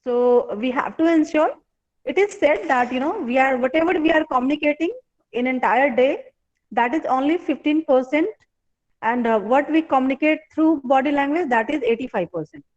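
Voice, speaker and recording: A woman with an Indian English accent teaching an online class as a professor, speaking haltingly with many fillers and repeated phrases. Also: high-pitched, darkish tone. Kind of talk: live online lecture. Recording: dull lo-fi online class audio.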